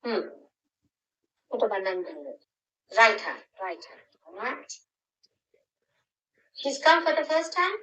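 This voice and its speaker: A grandmother in her later years leads a spiritual gathering and tells her followers plainly what to do. Her voice sits high and sounds bright and clear. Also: very animated, slow pace, pauses often, muffled recording. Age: older. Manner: instructive, directive. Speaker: spiritual teacher.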